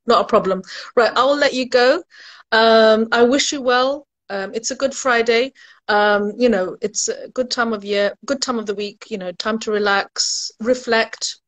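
A woman's voice: fairly high pitch, normal speed. A woman education recruiter chatting casually on a live stream, laughing at her own jokes and answering viewers' questions.

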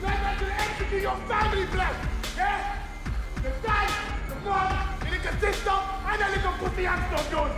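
An actor playing a furious, swaggering young London gangster who shouts threats and mocking laughs, over film score music. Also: male voice, very high-pitched, fairly even intonation, moderate pace. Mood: menacing taunting. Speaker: block gang boss.

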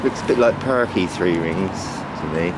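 A man's voice: low voice, normal speed. Chatty man in his fifties. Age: 50s. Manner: chatty, rambling, calls out fondly to pigeons by name. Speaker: vlogger. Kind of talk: casual walk-and-talk vlog. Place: outdoors on an urban street. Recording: outdoor traffic noise behind.

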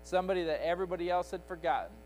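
Guy preaching sunday school in church, emphatic and repetitive, kinda high voice. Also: expressive, racing, a little mellow, faint music behind, low-quality recording. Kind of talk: sermon. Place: church sanctuary.

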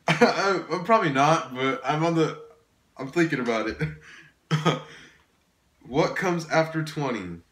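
Exasperated gamer guy, bright voice. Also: a little high, expressive, slow pace, long pauses, reverberant. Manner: exasperated, swears often, laughs at himself. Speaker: gaming YouTuber. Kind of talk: casual gameplay commentary.

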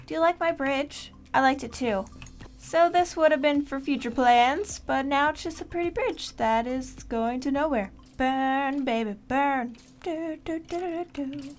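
A woman hosting a game series, giving chatty, casual gameplay commentary and talking playfully to the animals in the game. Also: on the high side. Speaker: Minecraft series host.

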